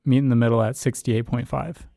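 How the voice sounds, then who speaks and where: Mellow, measured young man. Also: mid-range voice, little pitch movement, vocal fry, no echo, clean studio sound. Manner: measured, mediating, dryly teasing. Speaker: podcast co-host. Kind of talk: casual podcast chat.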